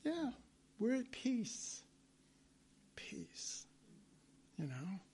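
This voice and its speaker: High-voiced, unhurried male preacher. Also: wildly swooping pitch, mellow, husky. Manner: conversational, acts out biblical quotes. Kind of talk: sermon.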